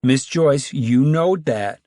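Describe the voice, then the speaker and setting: A man's voice: mid-range voice, slow pace, a little mellow, no echo, studio quality, pitched above the performer's own voice, lightly acted. A man voicing a stern middle-aged woman who chairs a camp committee, talking in a bossy rural drawl. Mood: scolding.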